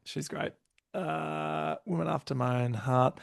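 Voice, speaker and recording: A man hosting a casual podcast chat, animated and laughing often as he acts out quotes in exaggerated voices. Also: a little high, slow pace, creaky, no room sound, studio quality. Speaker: podcast host.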